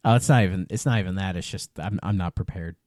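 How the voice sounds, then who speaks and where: A laid-back man with an Ohio accent hosts a podcast in a casual, filler-heavy way. His voice sits on the low side. The recording is dry and close. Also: fast, a little mellow, no room sound. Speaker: podcast host.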